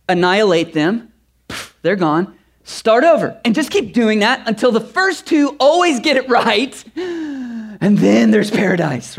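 High-voiced animated male preacher. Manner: animated, swings from soft to shouting. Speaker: pastor. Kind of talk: sermon.

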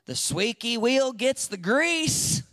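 A man preaching a sermon in an animated way, acting out quotes and swinging from loud to hushed. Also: extremely high pitch, takes it slowly, dry recording, clean studio sound. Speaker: pastor.

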